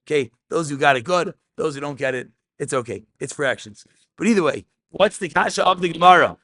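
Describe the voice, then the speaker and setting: A man teaching a Talmud class, animated, mixing English with Aramaic terms and raising his voice for emphasis. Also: fairly high pitch, fairly quick.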